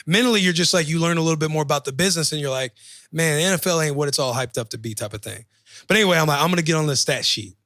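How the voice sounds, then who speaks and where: Fast, bright-voiced young man telling a story. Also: a little high, no room sound, clean studio sound. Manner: animated, profane, acts out voices in his story. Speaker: podcast guest, football player. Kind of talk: casual storytelling chat.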